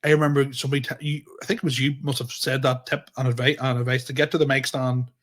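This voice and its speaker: Man, young adult, comedy podcast co-host, halting casual speech. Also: medium pitch, little pitch movement, fairly bright tone. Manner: laughs often, halting with fillers and restarts.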